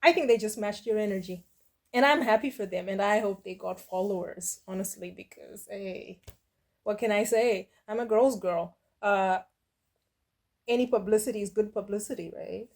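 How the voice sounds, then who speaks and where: A middle-aged woman hosting a reaction video, talking in a sassy, blunt and mocking way, with quick dismissive asides. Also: mid-range voice, a little mellow. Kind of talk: casual reaction commentary.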